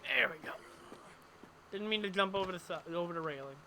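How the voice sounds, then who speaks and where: A man's voice: high voice, brisk, gravelly, sharp tone, slight background noise. A man chatting casually to his audience while playing a game live, wandering off into long, rambling explanations. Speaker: streamer. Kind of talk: casual live gameplay commentary.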